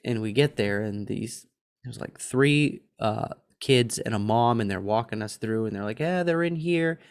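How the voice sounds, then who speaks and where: A man in his thirties co-hosting a podcast, telling a story in a lively, chatty way and mimicking other people's voices. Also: fairly low pitch, moderate pace, smooth. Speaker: podcast co-host. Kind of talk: casual chat.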